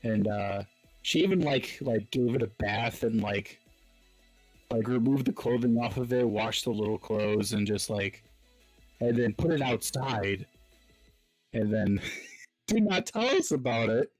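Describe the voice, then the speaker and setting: A man's voice: mid-range voice, unhurried, long pauses, a little mellow, faint music behind. A man hosting a podcast, telling a story casually with lots of fillers and laughs. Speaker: podcast host. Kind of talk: casual chat.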